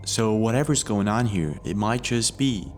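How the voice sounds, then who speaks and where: Male narrator, lower pitch, steady scripted storytelling that poses leading questions. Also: normal speed, faint music behind. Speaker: video narrator.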